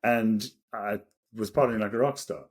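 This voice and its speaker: A South African man in his thirties speaks at a moderate pace in a husky, fairly low voice. As a podcast co-host, he tells a story casually and with animation, laughing often along the way.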